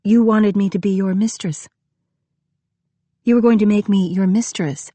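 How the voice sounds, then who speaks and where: A woman's voice: medium pitch, moderate pace, dark tone, dry recording, lightly acted. A woman reading the part of a young woman who has been deceived by her lover, speaking emotionally and accusingly. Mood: hurt.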